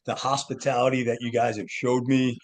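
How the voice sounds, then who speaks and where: A man, a guest on a talk show, telling a family story in an earnest, animated way. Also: medium pitch, brisk. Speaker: podcast guest, tarot reader and author. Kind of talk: casual storytelling interview.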